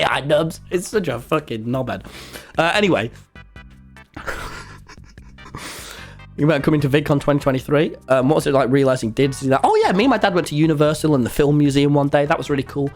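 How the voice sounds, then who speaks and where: Excitable man streaming. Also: a little high, fairly quick, long pauses, faint music behind. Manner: excitable and rambling, with many restarts. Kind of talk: casual storytelling to a live chat.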